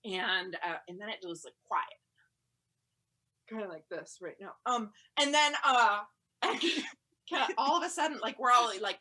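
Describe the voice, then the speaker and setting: A woman tells a comic story at home over a video call, her voice bright and forceful. She rambles, fills every gap with "like", and suddenly yells her quoted lines. Her pitch sits in an ordinary middle range. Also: big pitch swings, normal speed. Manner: chatty and rambling, heavy on "like", bursts into loud yelled quotes. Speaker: stand-up comedian.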